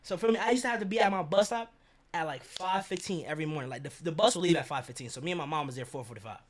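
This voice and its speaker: A young man with a fairly high voice tells a story from his own life to the camera. He talks in loose, profane slang and keeps slipping into the voices of the people he quotes. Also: racing. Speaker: vlogger.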